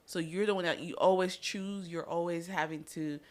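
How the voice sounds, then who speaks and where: A woman's voice: fairly low pitch, steady tone, moderate pace. A woman co-hosting a podcast, asking dry questions in casual chat. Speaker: podcast co-host.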